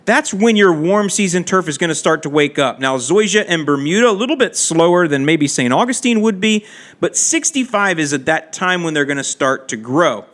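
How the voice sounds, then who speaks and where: Man, podcast host, casual chat, friendly advice, slightly high voice. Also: lively intonation, normal speed, a bit bright. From Florida. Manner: chatty, friendly advice with asides and laughs. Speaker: podcast host answering lawn care questions.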